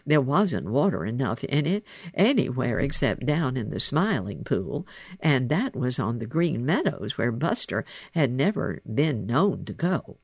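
A man reads a storybook aloud at an unhurried pace. His voice carries a gravelly edge and rises and falls with lively expression. The sound is dry and close, with no room around it. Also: medium pitch, no room sound. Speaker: narrator. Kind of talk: storybook reading.

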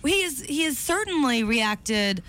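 A woman co-hosting a talk radio show, chatty and quick to laugh. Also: high voice, big pitch swings, a bit bright. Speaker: radio co-host. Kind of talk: casual talk radio banter.

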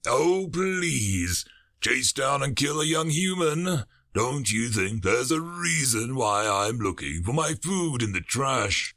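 Man voicing Java, a gravelly old wolf. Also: medium pitch, big pitch swings, slow pace, pushed and bright, no room sound, heavily acted. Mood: sardonic. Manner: dry, sardonic. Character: old male wolf with rotten teeth, gruff and wry. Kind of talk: storybook narration.

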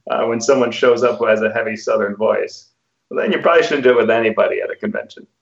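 A thoughtful man co-hosting a tabletop gaming podcast, speaking in a measured way. His low voice is gravelly and full of fry. It is recorded in a roomy space with a dull, lo-fi sound. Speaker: podcast co-host. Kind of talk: casual discussion about tabletop game mastering.

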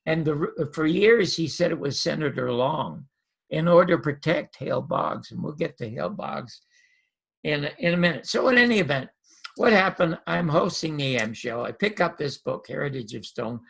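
An older man with a rough, gravelly voice that sits slightly high for a man. He is a former comic and talk show host telling stories to an interviewer. His delivery is emphatic and animated, and he often doubles his words. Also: normal speed. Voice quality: raspy, gravelly. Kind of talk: animated storytelling.

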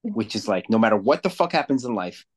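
A man's voice: fairly low pitch, very animated, fast talker. A man co-hosting a podcast in casual chat, blunt and profane, who teaches a kids' jujitsu class. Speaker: podcast co-host.

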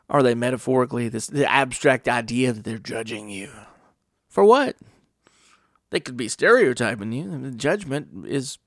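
A man's voice: medium pitch, vocal fry, a bit bright, no room sound, studio quality. A middle-aged man hosting a casual podcast monologue, rambling and wry, often acting out other people's voices. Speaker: podcast host.

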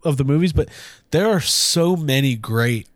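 A man's voice: a little high, lively intonation, moderate pace, no room sound, studio quality. A man guest co-hosting a podcast, talking enthusiastically in a rambling, casual way. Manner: enthusiastic, rambling, restarts mid-thought. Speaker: guest co-host. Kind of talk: casual chat.

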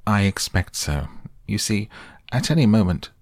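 A man with a husky, gravelly voice voicing a pompous, long-winded old owl in a storybook reading. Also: on the low side, very animated, no echo, studio quality, pitched above the performer's own voice. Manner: pompous, slow and wordy.

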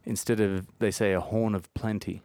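A man with an Australian accent, talking in a rambling, animated way as a guest in a casual chat. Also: lowish voice, moderate pace, no room sound.

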